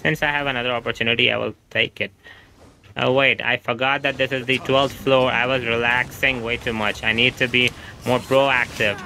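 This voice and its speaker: A man's voice: mid-range voice, little pitch movement, normal speed, sharp tone, slight background noise. A man with an Indian English accent, chatting casually on a gaming livestream, reading chat aloud and laughing often. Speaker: gaming streamer. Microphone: home streaming setup microphone.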